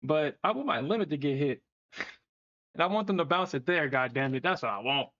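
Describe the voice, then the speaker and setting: A man's voice: fairly high pitch, moderate pace. A man hosting a live trading stream, chatting casually, swearing and laughing as he talks. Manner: animated, swearing, laughing often. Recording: dull lo-fi stream audio.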